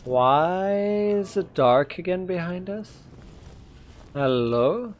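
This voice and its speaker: A man giving casual gameplay commentary in an excitable, jokey way. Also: high voice, slow pace, a little hiss or hum. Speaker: gamer.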